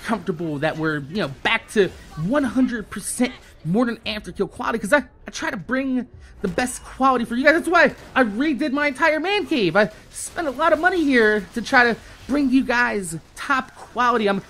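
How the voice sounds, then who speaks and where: A young man hosting a gaming channel, telling a storytime in a profane, animated, casual way. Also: extremely high pitch, normal speed.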